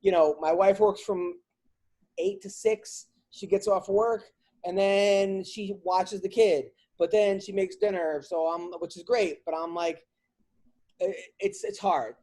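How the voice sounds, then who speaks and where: A man hosting a podcast, a comedian talking in a casual chat and venting in an animated, rambling comic way with lots of restarts. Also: high voice, measured pace.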